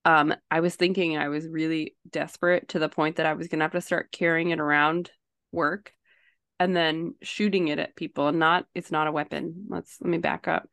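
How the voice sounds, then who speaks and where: A woman's voice: low voice, level tone, normal speed, gravelly, fairly bright tone, dry recording. A woman co-hosting a podcast as a social worker and mom, chatting casually and rambling with self-deprecating asides. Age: young to middle-aged mom. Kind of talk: casual chat.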